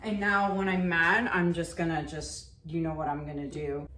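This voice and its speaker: A woman's voice: deep voice, little pitch movement, normal speed, a bit bright. A woman talking to herself and her viewers while painting, chatty and often frustrated, trailing off mid-thought. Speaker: acrylic pour painting vlogger. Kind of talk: casual talk while painting. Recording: roomy echo, faint ambient noise.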